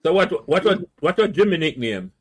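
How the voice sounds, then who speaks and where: A Jamaican man hosting a casual podcast chat, talking in an animated, rambling way. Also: high-pitched, fairly quick, breathy edge. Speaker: podcast host.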